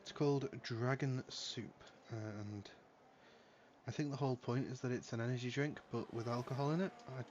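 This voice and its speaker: A man's voice: medium pitch, fairly even intonation, normal speed, darkish tone, muffled recording, a little hiss or hum. A man casually streaming and commentating a sim racing league, cheeky and swearing constantly. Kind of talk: casual livestream chat. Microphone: headset.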